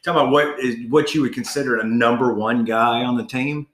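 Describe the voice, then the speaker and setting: A man's voice: mid-range voice, fairly even intonation, brisk, fairly bright tone, echoey room. A man co-hosting a casual sports chat, ranting in a heated, profane way.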